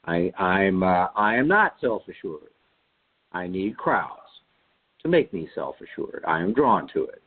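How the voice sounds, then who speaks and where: A man's voice: deep voice, sing-song, unhurried, breathy edge. A man on a Bible study call-in who thinks aloud and often restarts his sentences. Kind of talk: reflective casual discussion. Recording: tinny phone line.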